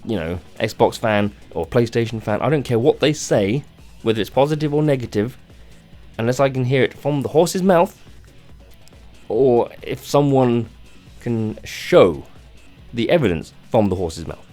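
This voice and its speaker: A tired man rants off the cuff on a gaming vlog, rambling and halting with many restarts and plenty of swearing. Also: mid-range voice, expressive, dark tone, soft background music. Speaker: gaming channel host. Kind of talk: unscripted rant vlog.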